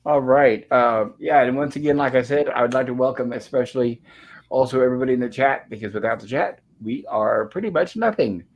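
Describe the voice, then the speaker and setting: A man of ordinary pitch hosting a live stream. He greets everyone and reads out the chat messages in a friendly, rambling way, with easy casual chat between the names. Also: brisk. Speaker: podcast host.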